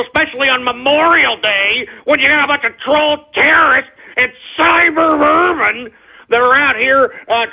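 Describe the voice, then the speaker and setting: A man hosting an internet radio talk show, ranting and cursing at trolls and breaking into shouts. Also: extremely high pitch, gravelly, husky. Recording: tinny phone-like lo-fi audio.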